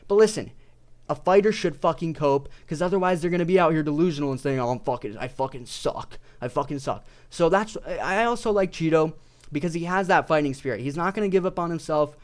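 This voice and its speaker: A man's voice: a little high, fast. A young man ranting casually about his favorite fighters, swearing constantly and rambling. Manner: profane, rambling, excitable. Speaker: video creator.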